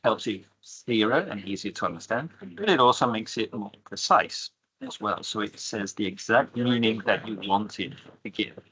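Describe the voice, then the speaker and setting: A man's voice: lowish voice, moderate pace, sharp tone, slight background noise, rough recording. A man teaching an online English grammar lesson, patiently explaining and asking rhetorical questions.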